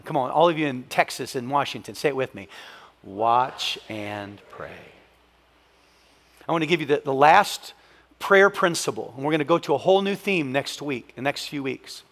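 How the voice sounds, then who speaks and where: A man pastor preaching a sermon in a church, telling a story with animated voices and leading the congregation in call-and-response. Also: high voice, long reverb tail. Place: church sanctuary.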